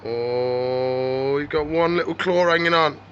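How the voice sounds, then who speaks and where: A man's voice: on the high side, slow pace, a bit bright, highs cut off, slight background noise. A man running a reptile shop, chatting casually on camera and talking to his animals. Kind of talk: casual vlog chat.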